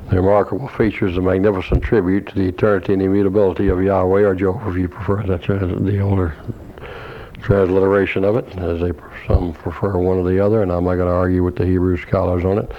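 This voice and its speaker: A man with a low, monotone voice delivers a scholarly sermon, quoting commentaries and scripture references in a measured, deliberate way. The recording sounds dull and lo-fi. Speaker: preacher.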